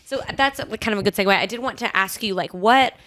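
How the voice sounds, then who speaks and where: A woman's voice: medium pitch, quick pace, fairly bright tone. A woman hosting a podcast, chatting casually and reacting with eager enthusiasm. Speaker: podcast host.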